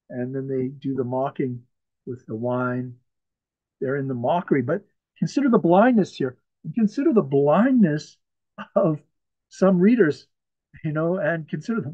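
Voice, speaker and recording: A man preaching an earnest, emphatic sermon to an online church, chuckling softly now and then. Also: a little high, no echo, highs cut off. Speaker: pastor. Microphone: video call.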